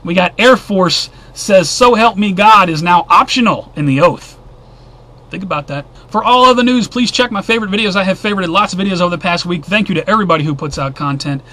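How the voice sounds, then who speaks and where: A man's voice: high-pitched, fast, pushed and bright. A man hosting a weekly news roundup, reading headlines and adding blunt, sarcastic asides in a casual way.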